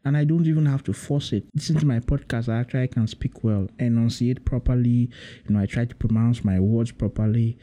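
A man's voice: medium pitch, moderate pace, dark tone. A man, hosting his own podcast in a rambling, musing solo monologue that leans heavily on "you know". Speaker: podcast host.

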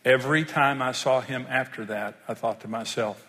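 A man's voice: medium pitch, steady tone, normal speed, pushed and bright, big-room sound. An older man, preaching a sermon and telling stories in an earnest manner. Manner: storytelling, earnest, rises when stressing points. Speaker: pastor.

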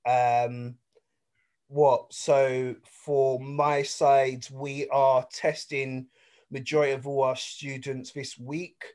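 Man, english accent, young adult, podcast host, rambling casual chat, middle pitch. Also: flat delivery, slow pace, darkish tone. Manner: rambling, storytelling with fillers.

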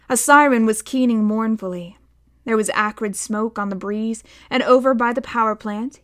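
A woman narrating a novel aloud in a steady storytelling manner, voicing the dialogue. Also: a little high. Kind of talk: audiobook narration.

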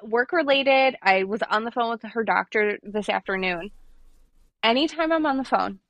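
A woman's voice: fairly high pitch, normal speed, a bit bright, no room sound. A woman co-hosting a casual podcast about parenting, telling stories in a chatty way, laughing often and swearing now and then. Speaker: podcast co-host. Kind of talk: casual chat.

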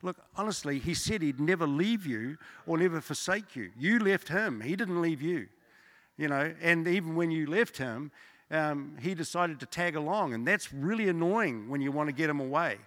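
A middle-aged preacher delivers a sermon in a bright, forceful voice. His pitch sits a little high, and his talk is casual and joking, full of rambling asides. The church hall around him adds a long reverb. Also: animated, normal speed. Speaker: guest preacher. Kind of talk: evening church sermon with testimonies. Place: church service.

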